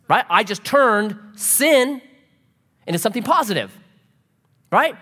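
A man preaching a sermon as a pastor, telling stories with lively energy. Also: fairly high pitch, fairly quick, pauses often. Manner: animated storytelling preacher. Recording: reverberant hall.

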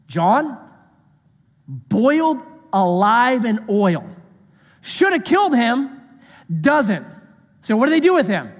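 A man in his thirties preaches with a high, lively voice that has a slight husk. His delivery swings from casual storytelling to slow, weighty scripture reading. He is heard in a church hall with a long, echoing reverb. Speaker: pastor. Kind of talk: sermon.

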